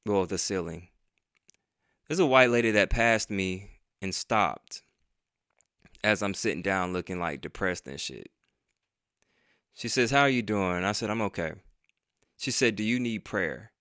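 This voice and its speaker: Low-voiced man telling a story. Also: animated, unhurried, long pauses, a bit bright, no room sound, studio quality. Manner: conversational and profane, retelling with quoted dialogue. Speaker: vlogger and podcaster. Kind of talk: casual storytime monologue.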